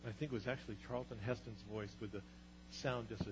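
A man giving conversational Bible teaching, animated and storytelling, with rhetorical questions, on a slightly muffled recording with a faint hum. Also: mid-range voice, quick pace.

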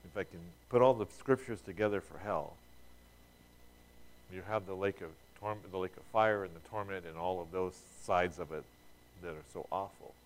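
This pastor's voice is low and his pace is normal. Addressing the congregation casually, he asks rhetorical questions and, as he starts over, says some words again.

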